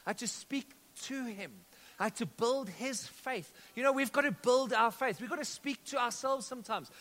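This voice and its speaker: A man preaching a sermon as pastor, energetic, calling out to the congregation and telling stories. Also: very high voice, moderate pace. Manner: energetic preaching with audience call-outs and storytelling. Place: church auditorium. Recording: long reverb of a church hall.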